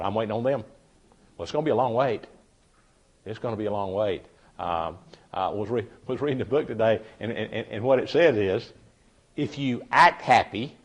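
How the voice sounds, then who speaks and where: A middle-aged man leading a leadership workshop, telling homey stories and repeating key phrases for emphasis. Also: medium pitch. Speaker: leadership trainer.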